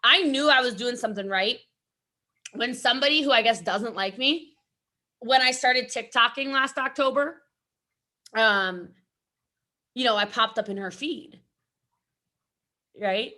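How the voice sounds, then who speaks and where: A woman giving an energetic motivational talk at an event, chatty and rambling, often breaking off to laugh. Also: on the high side, unhurried, pauses often. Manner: chatty, rambling, self-interrupting, laughs a lot. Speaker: event speaker.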